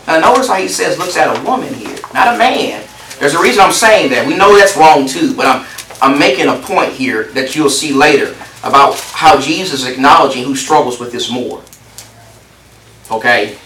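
Emphatic preacher in an echoey hall. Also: male voice, on the high side, animated, normal speed, pushed and bright, a little hiss or hum. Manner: emphatic, repeats phrases for stress, asks the congregation questions. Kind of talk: sermon. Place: large hall with a congregation. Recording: roomy echo, distant mic.

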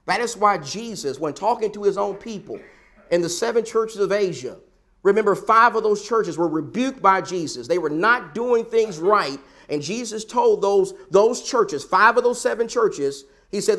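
A man's voice: high-pitched, moderate pace, fairly bright tone. A man preaching a sermon, emphatic and repetitive, building his points with rhetorical questions.

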